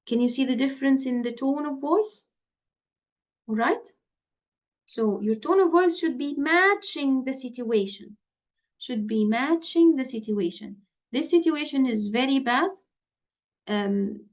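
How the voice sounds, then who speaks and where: A woman teaching doctors in an online lesson over a computer mic, repeating her points and checking in with her listeners. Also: on the high side. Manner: slow, repetitive, checks in with listeners. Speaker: medical exam tutor.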